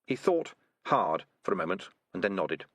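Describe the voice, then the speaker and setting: A man narrating a fantasy audiobook in expressive scripted storytelling. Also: low-pitched, normal speed, dry recording.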